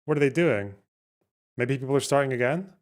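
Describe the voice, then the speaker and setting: A man's voice: medium pitch, animated, fairly quick. A man hosting a livestream, chatting casually and reacting with swearing and restarts. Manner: swearing, incredulous, thinks aloud with restarts. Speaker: livestream host. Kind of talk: casual chat reacting to chat and clips.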